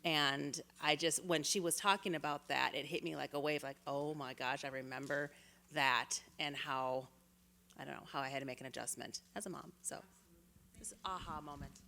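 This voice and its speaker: A woman's voice: low voice, fairly quick, vocal fry, sharp tone. A mother from the audience, earnestly sharing a personal story in a rambling way. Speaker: audience member.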